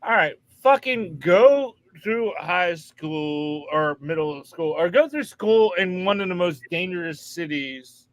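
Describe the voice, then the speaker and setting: Angry drunk man, high swinging voice, profane, dry close sound. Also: expressive, slow, hardly any pauses, fairly bright tone, no echo. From Baltimore, USA. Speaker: stream guest. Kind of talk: heated stream argument.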